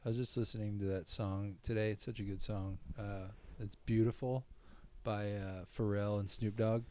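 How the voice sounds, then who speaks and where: A man in his thirties co-hosting a casual podcast, telling stories in an animated way. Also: normal speed. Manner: animated storyteller, high squeaky voices when quoting. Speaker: podcast co-host. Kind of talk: casual chat.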